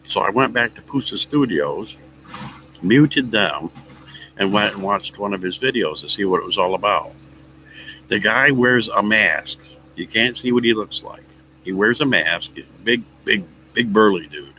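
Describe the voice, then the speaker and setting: A man's voice: fairly low pitch, expressive, measured pace, pushed and bright, slight background noise, low-quality recording. A man chatting casually with viewers outdoors at a picnic table, telling a rambling story and chuckling often. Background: faint outdoor ambience, dogs nearby.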